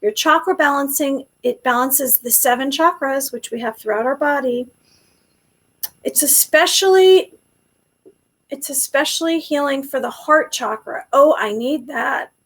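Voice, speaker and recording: A woman's voice: high-pitched, a little slow, fairly bright tone. A woman hosting a talk show, effusive and grateful, with many fillers as she wraps up. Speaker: host.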